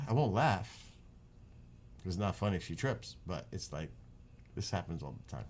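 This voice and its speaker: Casual streamer, New York man, low-voiced, lively, rambling and joking. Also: measured pace, slight background noise. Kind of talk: casual live-stream chat.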